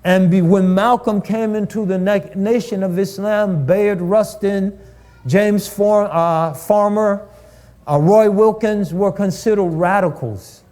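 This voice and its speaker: A man's voice: sits high, slow, a little mellow. A man giving a preaching lecture at a live-streamed event, building rhetorical lists and repeating phrases for emphasis.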